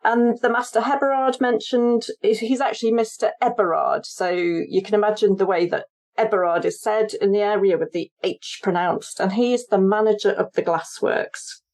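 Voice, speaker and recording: A woman's voice: mid-range voice, normal speed, a little mellow. A woman author and historian being interviewed on a podcast, explaining her research in a chatty way and laughing easily.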